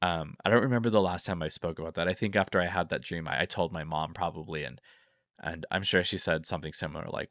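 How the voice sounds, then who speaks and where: Very deep-voiced rambling man host. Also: quick pace, a bit bright, no echo, clean studio sound. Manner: rambling, filler-heavy, openly emotional. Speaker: podcast host. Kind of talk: casual podcast chat, reading listener stories.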